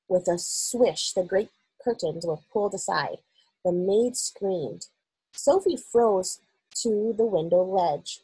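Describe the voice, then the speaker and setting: Breathy woman reading a story aloud. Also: mid-range voice, no room sound, low-quality recording. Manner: expressive, measured storytelling. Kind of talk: reading a children's novel aloud.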